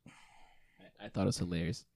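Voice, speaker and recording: A young man hosting a casual podcast, upbeat at the intro and relaxed and joking in the chat. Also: moderate pace, dry recording, studio quality. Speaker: podcast host.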